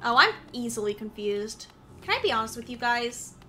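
Bright, lively high-voiced woman streamer. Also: moderate pace, soft background music. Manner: playful, silly, talks to chat. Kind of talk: casual gaming stream chat.

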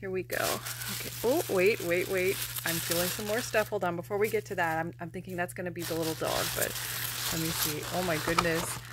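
A woman hosting a casual unboxing vlog, gushing and emotional, often breaking into soft laughter. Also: lowish voice, fairly even intonation, brisk, background noise. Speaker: plush collector vlogger.

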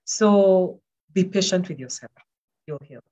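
A woman's voice: fairly low pitch, expressive, unhurried, warm tone, highs cut off. A woman speaking as a panel guest, giving earnest, encouraging personal testimony and repeating words for emphasis.

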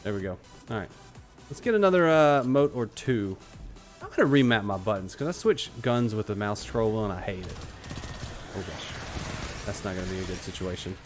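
A man giving live commentary while playing an online shooter, excitable and joking, trash-talking his opponents. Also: on the low side, brisk. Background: faint background music.

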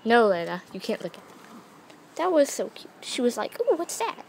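A woman's voice: on the high side, normal speed, creaky. Gushing teen girl, groggy voice. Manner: excitable, gushing over kittens. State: groggy just-woken-up voice. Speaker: vlogger filming her pets. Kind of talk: casual chat. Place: outdoors in a yard. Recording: noisy outdoor home video.

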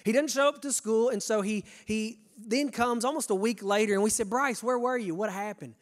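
A young pastor from Kentucky with a Kentucky accent, preaching a sermon in a folksy, animated way, talking straight to his congregation. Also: sits high, normal speed.

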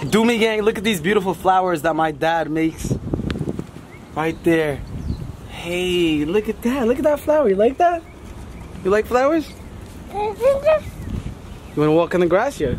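Animated young man vlogging, roomy echo. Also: high voice, normal speed, long pauses. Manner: animated, exasperated, slangy. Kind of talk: casual vlog to camera. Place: at home and out in a garden. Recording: roomy echo, loud background noise.

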